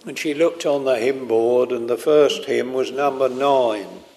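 Older preacher, gravelly, slow and earnest, chapel reverb. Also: male voice, mid-range voice, a little mellow. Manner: slow, earnest storytelling, drawn-out quoted lines. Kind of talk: sermon. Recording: long hall reverb.

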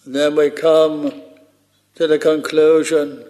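Male preacher, slightly high voice, very slow measured sermon delivery. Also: little pitch movement, mellow. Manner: slow, measured preaching with archaic scripture phrasing.

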